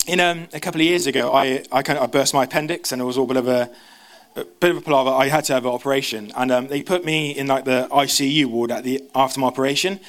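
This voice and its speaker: A man preaching a sermon, talking fast with frequent restarts and stumbles. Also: mid-range voice, fairly even intonation, a bit bright. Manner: fast, stumbling, self-interrupting.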